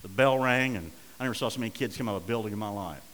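A middle-aged man preaching a sermon, telling a story and swinging between hushed and loud, urgent passages. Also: on the low side, racing, big-room sound, low-quality recording. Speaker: pastor.

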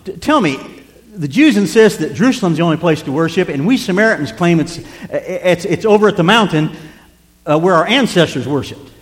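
A man's voice: high-pitched, animated, a little fast, in a large hall, voice pushed up. A man doing a flustered, evasive woman. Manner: nervous, stammering, evasive. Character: flustered Samaritan woman dodging the question.

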